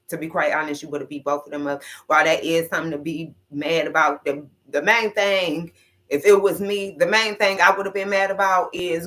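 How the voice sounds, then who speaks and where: A woman's voice: low-pitched, fairly bright tone. A woman casually recapping a reality show conversation, quoting what was said, then giving her own emphatic opinion. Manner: recounts scenes with quoted dialogue, grows emphatic when giving opinion.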